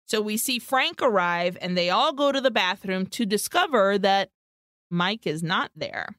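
A woman co-hosting a podcast, casually retelling a film's plot with lively, profane storytelling and Spanish words slipped in. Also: mid-range voice, measured pace, no echo, clean studio sound. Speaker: podcast co-host. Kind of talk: casual movie recap chat.

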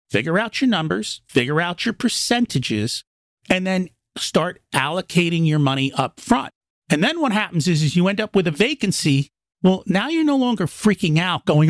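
A man's voice: a little high, big pitch swings, normal speed, dry recording. Practical, emphatic man guest, dry sound. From immigrated to the United States as a child. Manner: practical, emphatic, acts out inner dialogue. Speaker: podcast guest, real estate investor. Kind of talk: conversational interview explanation.

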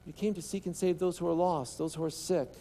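A man's voice: on the high side, steady tone, a little fast, warm tone. A male pastor preaching a sermon, drawing the congregation into call-and-response and often restarting his words.

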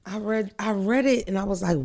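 A man with a high, light voice, chatting on a podcast. He talks in an animated, joking way and swears freely. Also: brisk, gravelly. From Philadelphia. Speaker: podcast co-host. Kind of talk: casual chat.

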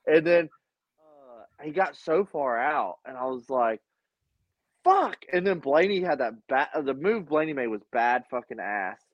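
A man co-hosting a podcast in casual chat, telling a race finish with excited, profane storytelling over AirPods on a line that keeps cutting out. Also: mid-range voice, normal speed, dry recording. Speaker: podcast co-host. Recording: dull, lo-fi remote line that cuts out.

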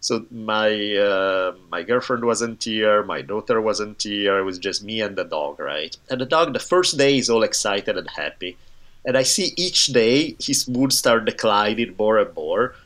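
A man's voice: lowish voice, a little slow. Podcast host guy telling a story, easygoing, lots of yeahs and rights. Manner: relaxed, many short agreeing replies. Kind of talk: casual podcast conversation.

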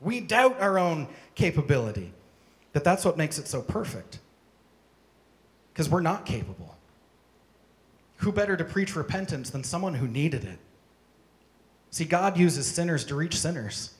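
A man's voice: fairly high pitch, sing-song, a little slow, pauses often. A man preaching a sermon to a congregation, emphatic and driving his points home with strings of rhetorical questions. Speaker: pastor. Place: church service with congregation.

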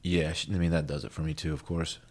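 A man's voice: a bass voice, little pitch movement, quick pace. A man co-hosting a podcast in casual chat, incredulous and swearing often, laughing along. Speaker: podcast co-host.

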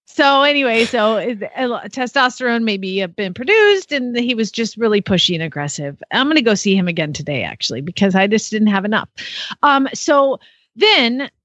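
A woman hosting a casual podcast who tells horse stories animatedly, with quick asides. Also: a little high, sing-song, fairly bright tone, no echo, lo-fi sound. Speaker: podcast host and horse trainer.

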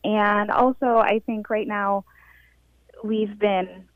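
A woman phones in to a radio show and tells her story in a friendly, casual way. Her voice comes through a dull, dry phone line, and her pitch sits in a middle range. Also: steady tone, takes it slowly, no room sound. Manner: friendly, casual, lots of fillers. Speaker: caller. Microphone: telephone.

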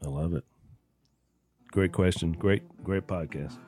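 A man co-hosting a faith podcast, telling a story in a casual studio chat and acting out the quoted dialogue with lively voices. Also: sits low, unhurried, faint music behind. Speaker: podcast co-host.

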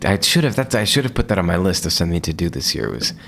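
A man's voice: sits low, big pitch swings, racing, vocal fry, a bit bright, slight background noise. A man in his thirties, a podcast guest telling a story with lots of restarts and acted quotes. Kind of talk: casual chat.

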